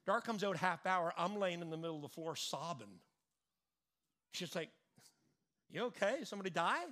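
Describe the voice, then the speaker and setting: High, bright-voiced male preacher. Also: moderate pace. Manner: animated, repeats and stresses words. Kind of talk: sermon.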